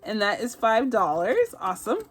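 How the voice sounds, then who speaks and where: A woman's voice: on the high side, big pitch swings, moderate pace, soft background music. A bubbly woman hosting a budgeting vlog, gushing and giggling as she plays savings challenges and says y'all. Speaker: budgeting channel host. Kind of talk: casual chat reviewing savings challenges.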